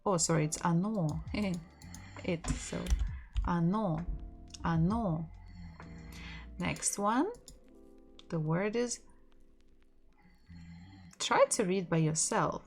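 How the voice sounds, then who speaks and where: A woman's voice: on the low side, very slow, pauses often, faint music behind. A woman teaching a live-streamed Russian lesson, patiently spelling out words letter by letter and reading viewers' messages aloud.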